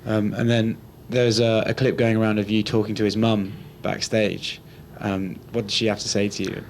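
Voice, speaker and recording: A male reporter with a fairly low voice puts polite, slightly hesitant questions to a fighter at a press conference. Faint room noise sits behind him. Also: flat delivery, normal speed.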